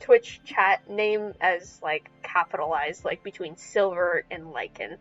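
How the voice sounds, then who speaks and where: A woman's voice: lowish voice, measured pace, fairly bright tone, dull audio, soft background music. A woman hosting a casual podcast, chatty and giggly. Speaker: podcast host and streamer.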